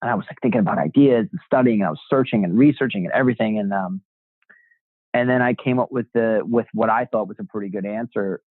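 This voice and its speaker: In a dry, tinny, phone-like recording with no room sound, a man talks quickly in a fairly low voice. He's a real estate agent appearing as a guest in a casual interview, telling his story, doing the voices of people he quotes, and swearing freely.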